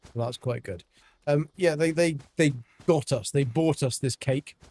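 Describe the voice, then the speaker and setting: Guy streaming a game, rambly chat, um after um, fairly high voice. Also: unhurried, a little mellow, no echo. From England, Devon. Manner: chatty, rambling, lots of ums. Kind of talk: casual livestream chat while gaming.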